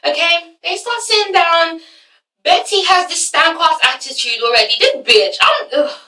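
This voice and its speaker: A woman's voice: very high-pitched, moderate pace. A woman hosting a casual review vlog, swearing freely and acting out scenes. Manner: swearing, animated, acts out scenes. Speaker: vlog host reviewing a reality show. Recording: roomy, mic at a distance.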